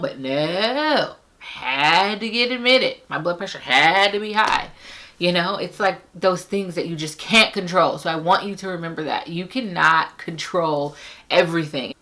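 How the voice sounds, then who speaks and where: A young woman vlogger casually telling her birth story to camera, animated and acting out the people she quotes. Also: measured pace. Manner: animated, acts out quoted voices with big pitch jumps. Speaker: parenting vlogger.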